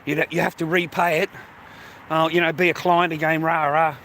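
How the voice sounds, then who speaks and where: Australian man, livestream rant, high voice, sharp tone, constant swearing. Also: level tone, normal speed, a little hiss or hum. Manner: swearing, griping, laughs often. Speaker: live streamer.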